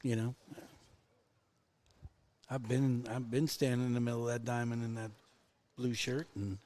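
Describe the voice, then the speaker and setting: A man's voice: medium pitch, normal speed. Chuckling baseball color commentator man. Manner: relaxed and chuckling, tells anecdotes. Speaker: color commentator, former coach and umpire.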